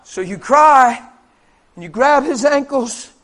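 A man preaching a sermon in an impassioned, storytelling way, swinging between hushed and booming delivery. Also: animated, slow. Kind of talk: testimony-style sermon storytelling.

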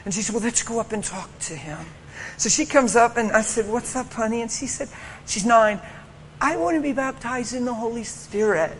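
A man preaching a sermon, telling a story with lively acted-out voices and frequent laughter. His voice sits high and bright, ringing out with long reverb in a church hall with faint ambience behind him. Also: normal speed, slight background noise. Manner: animated storytelling, acts out voices, laughs often. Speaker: pastor.

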